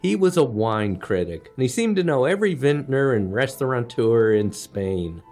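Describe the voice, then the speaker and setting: Brief: male comic storyteller, wry and self-mocking, very expressive intonation, middle pitch. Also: moderate pace, faint music behind. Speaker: comedian storyteller. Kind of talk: comedic storytelling monologue.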